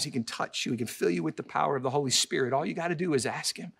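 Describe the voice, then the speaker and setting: A male pastor delivers a sermon in a fairly high voice. He is emphatic, climbing to loud, high peaks and then falling to soft, low asides. He repeats words and phrases to drive points home. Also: racing, vocal fry, few pauses, breathy edge.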